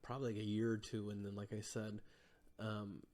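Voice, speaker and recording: A man's voice: on the low side, little pitch movement, brisk, a little mellow. A man as a podcast guest, telling long rambling stories in casual chat, full of fillers. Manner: rambling storytelling with many fillers.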